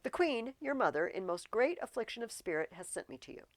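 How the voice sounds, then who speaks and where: Woman reading as a stiff male courtier; formal, pressing, a bit high. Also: very animated, a little fast, dry recording.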